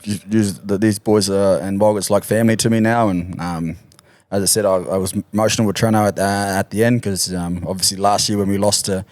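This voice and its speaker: Laid-back man, lowish voice. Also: steady tone, a little mellow, dry recording. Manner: laid-back, halting, laughs easily. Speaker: podcast guest, rugby league player. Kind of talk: casual storytelling chat.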